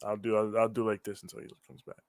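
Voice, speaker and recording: Animated, swearing man on a dry mic. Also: fairly low pitch, racing, dry recording. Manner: animated, swears freely, rambling, laughs often. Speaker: co-host of a wrestling reaction show. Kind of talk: casual live-stream chat.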